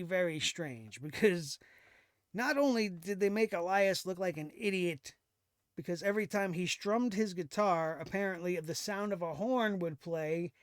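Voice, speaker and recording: A man's voice: sits high, smooth, dry recording, studio quality. A man hosting a wrestling recap show, recapping and ranting in a sarcastic, exasperated way with occasional laughs. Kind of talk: casual recap and commentary.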